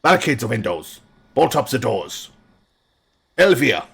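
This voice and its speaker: Man playing a stern fantasy father, low-voiced, commanding, quick to anger. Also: lively intonation, slightly rough. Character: protective, hot-tempered middle-aged father.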